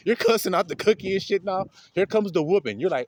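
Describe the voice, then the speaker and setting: A man's voice: high voice, brisk, slight background noise. A man giving an informal, blunt spiritual talk, laughing often as he preaches. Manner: animated, laughing, streetwise and blunt. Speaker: spiritual speaker.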